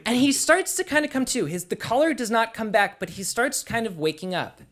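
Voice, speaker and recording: Animated young man telling a story. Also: very high voice, brisk. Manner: animated, conversational, lots of "like". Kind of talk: live personal storytelling.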